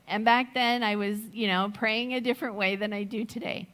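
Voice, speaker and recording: A middle-aged woman giving a sermon, slow and reflective, telling a personal story with gentle laughs. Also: a little high, steady tone. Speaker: speaker at a Sunday service.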